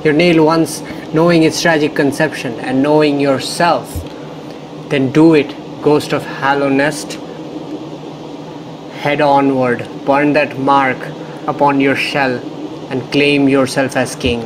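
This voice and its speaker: A man voicing a solemn, dying female bug warrior in a put-on Russian accent, speaking slowly and gravely. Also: medium pitch, little pitch movement, noisy background, lightly acted.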